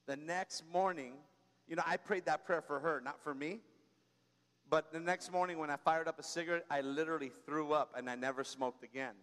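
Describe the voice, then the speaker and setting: A man delivering a sermon in a high, light voice, talking to the congregation like a friend and telling stories with humor. He keeps prompting the room with quick asides. His voice trails off into a long reverb from a large church space. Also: fairly even intonation, fairly bright tone. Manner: conversational preaching, frequent "come on" and "right?"; tells personal stories with humor. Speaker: pastor.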